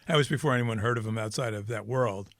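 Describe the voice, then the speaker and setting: A man's voice: mid-range voice, fast, fairly bright tone, dry recording, clean studio sound. A man co-hosting a casual podcast, a wry, joking storyteller who keeps the chat moving. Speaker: podcast co-host. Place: Kansas City.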